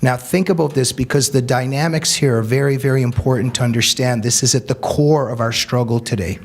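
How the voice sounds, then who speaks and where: A man's voice: mid-range voice, steady tone, fairly quick, vocal fry. A man giving an earnest, emphatic talk about his book to a seated audience, repeating key phrases for weight. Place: meeting room with an audience.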